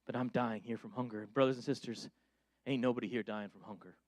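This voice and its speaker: A male pastor preaching a sermon, moving between loud, urgent calls and quiet, low-voiced pleading, with casual asides to the congregation. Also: steady tone, fast talker, dry recording.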